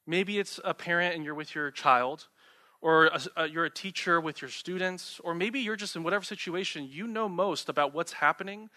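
A man's voice: on the high side, pushed and bright. A young man preaching a sermon, talking conversationally and asking the listeners rhetorical questions. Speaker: pastor.

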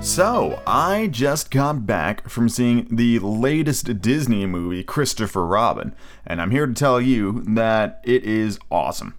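A man's voice: on the low side, lively intonation, a little slow, soft background music. A man hosting a solo podcast in a casual, rambling way, with lots of fillers and restarts. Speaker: podcast host.

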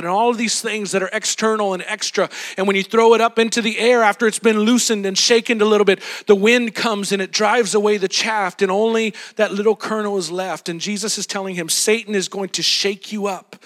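A man preaching a sermon, retelling a story with animated, dramatic flair. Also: sits high, fairly quick, hardly any pauses.

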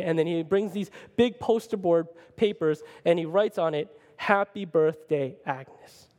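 A male preacher tells a story in an animated, conversational sermon style, often pausing to check in with the listeners. His voice sits a bit high for a man. It rings out with the long reverb of a large church hall. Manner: animated, conversational, keeps asking "right?". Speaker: pastor.

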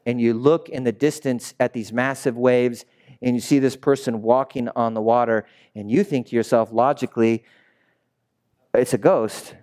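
A male pastor delivers a sermon with a smooth, resonant voice at an everyday middle pitch. He tells the story dramatically, swinging from loud shouts to quiet, hushed lines. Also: normal speed. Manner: animated storytelling preacher, swinging between shouts and hushed asides.

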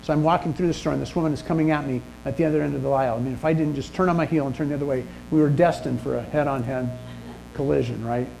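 A man's voice: fairly high pitch, steady tone, rapid-fire, creaky, a little mellow, faint music behind, rough recording. A man preaching a sermon, telling a personal story in a conversational, self-deprecating way. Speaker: pastor. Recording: faint mains hum.

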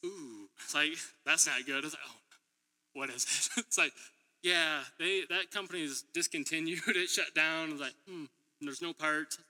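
Guy preaching, super bright slightly high voice, chatty storyteller, big reverby church hall. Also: moderate pace. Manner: chatty storytelling, laughing, acting out quotes. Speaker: preacher and middle school teacher. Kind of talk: sermon.

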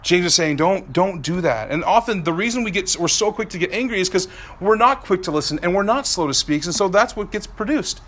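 Male pastor, thirties, high and bright voice, animated preaching, dips soft then climbs loud. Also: fast talker. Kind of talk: sermon.

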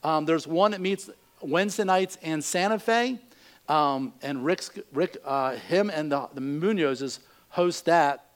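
A man's voice: a little high, unhurried. A man pastor with a slightly raised voice delivers church announcements to his congregation. His talk is easygoing and conversational, peppered with ums as he moves from one notice to the next. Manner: relaxed, conversational, with frequent fillers. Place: church service.

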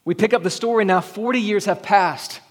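A man's voice: sits high, normal speed. Man, pastor, sermon, earnest emphatic preaching, long church reverb. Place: church sanctuary.

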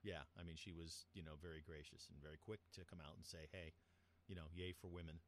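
A man co-hosting a podcast in casual chat, telling stories in an animated way. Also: low-pitched, quick pace, slight background noise. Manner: chatty, animated storyteller. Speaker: podcast co-host.

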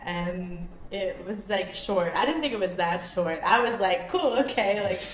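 A young woman in her twenties, a comedian co-hosting a podcast, telling a story in an animated, giggly way. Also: fairly low pitch, a little slow. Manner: giggly, animated, laughs mid-sentence. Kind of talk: casual storytelling chat. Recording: echoey room.

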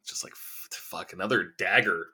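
A man hosting a casual film podcast, animated and swearing freely as he acts out quoted lines. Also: sits low, normal speed, husky. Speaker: podcast host. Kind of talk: casual chat.

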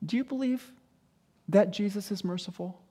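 A man's voice: sits high, moderate pace, dark tone. A man preaching a sermon in an earnest way, often putting questions to his listeners. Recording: echoey hall.

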